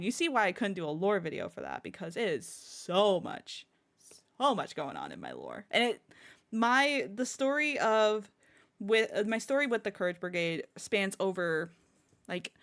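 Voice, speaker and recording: A woman's voice: fairly low pitch, fairly bright tone. A woman streamer chatting casually to her viewers, bubbly and rambling, often breaking into giggles. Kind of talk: casual live-stream chat.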